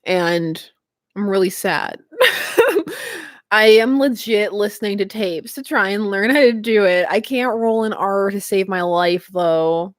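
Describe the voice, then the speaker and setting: Giggly woman, lively voice. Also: mid-range voice, slow pace, no room sound, studio quality. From Canada. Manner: chatty, giggly, laughs often. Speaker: livestream host. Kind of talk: casual livestream chat.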